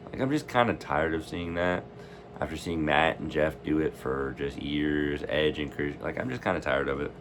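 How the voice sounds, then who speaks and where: Low-voiced man, opinionated vlogger, rambling and frustrated. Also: normal speed, slight background noise. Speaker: wrestling fan vlogger. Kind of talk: casual reaction rant.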